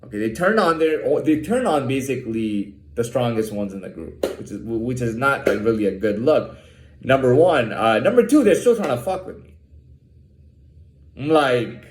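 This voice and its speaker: A man's voice: mid-range voice, lively intonation, moderate pace, roomy sound. A man talking in a casual, rambling monologue, swearing freely and stumbling over repeated words as he rants. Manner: profane, repetitive, restarts often, aggravated rants.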